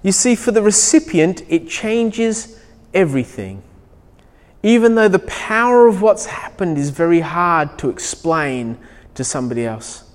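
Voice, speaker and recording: A middle-aged Australian man preaching a sermon, telling stories with animated acted-out dialogue. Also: sits high, unhurried. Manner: animated storytelling, acts out dialogue. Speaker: pastor. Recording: long hall reverb.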